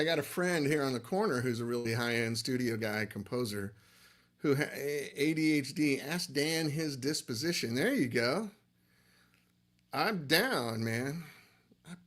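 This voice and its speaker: A man's voice: mid-range voice, lively intonation, moderate pace, fairly bright tone. A middle-aged man hosting a casual livestream, talking in a loose, rambling, self-deprecating way. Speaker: livestream host, amp builder.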